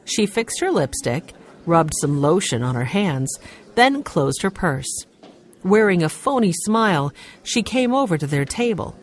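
A woman's voice: fairly low pitch, unhurried, slight background noise. A woman narrating a children's storybook and voicing the characters. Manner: expressive, voices the characters. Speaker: audiobook narrator.

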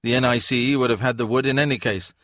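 A man's voice: medium pitch, fairly even intonation, quick pace, a bit bright, dry recording, clean studio sound, voice pushed up, lightly acted. A man voicing an older male academic who speaks bluntly and dismissively, in a storybook reading. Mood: gruff. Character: blunt older male don, gruff and disillusioned.

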